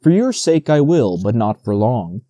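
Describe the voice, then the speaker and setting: A man's voice: mid-range voice, sing-song, measured pace, mellow, no echo, lo-fi sound. A man voicing a vain male butterfly who speaks in an affected, haughty manner in a storybook reading.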